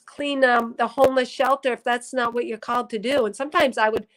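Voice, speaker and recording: Speaking fairly quickly with a fairly bright tone and fairly even intonation, a woman psychic with a slightly high voice hosts a casual spiritual livestream. She addresses viewers earnestly, rambles, corrects herself mid-sentence and sounds on the edge of tears. The recording is rough.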